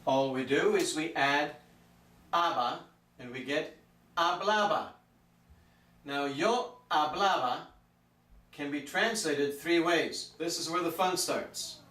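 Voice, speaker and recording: A man's voice: fairly high pitch, takes it slowly, pauses often, pushed and bright. A man teaching a language grammar lesson, patiently drawing out the example words. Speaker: Spanish teacher. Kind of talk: explanatory lesson. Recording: echoey room from far off.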